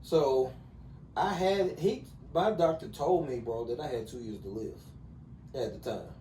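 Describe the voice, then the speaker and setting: A middle-aged man telling personal stories as a podcast guest in a relaxed, casual way, often saying "you know". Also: medium pitch, measured pace, a little hiss or hum. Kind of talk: casual conversation. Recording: echoey room, distant mic.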